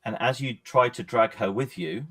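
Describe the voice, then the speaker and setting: A man running a horror tabletop game as game master, narrating scenes in a measured, descriptive way with pauses. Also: medium pitch, pushed and bright.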